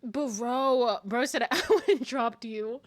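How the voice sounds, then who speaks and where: A woman's voice: a little high, slow pace, soft background music. A woman streamer reacting to a game, laughing often, swearing and sounding incredulous. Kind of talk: live game commentary.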